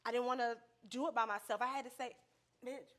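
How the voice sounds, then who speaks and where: Podcast guest: young woman with a high, sharp voice, swearing and laughing through her stories. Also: fast. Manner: profane, animated, laughing often. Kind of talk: casual storytelling. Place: podcast studio with a live audience.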